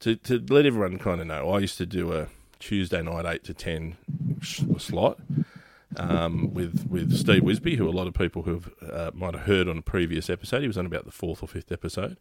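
An Australian podcast host chats casually, rambling with frequent restarts and laughing easily. His voice sits low and he talks briskly.

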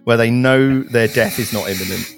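A man's voice: mid-range voice, moderate pace, soft background music. A man in his late thirties hosting a tabletop gaming podcast in casual, chatty talk. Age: late 30s. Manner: chatty, animated, laughs easily. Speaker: podcast host and game master. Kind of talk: casual chat.

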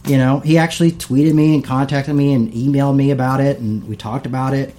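A man's voice: medium pitch, fairly even intonation, a little fast, warm tone. A middle-aged man hosting a casual talk, reading passages aloud and paraphrasing them with many asides.

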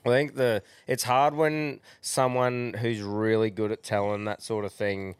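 A podcast host with an Australian accent chats in easygoing, sweary banter. His voice is a bit low, and the sound is dry and close. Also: level tone, unhurried, clear, resonant tone, dry recording. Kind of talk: casual chat.

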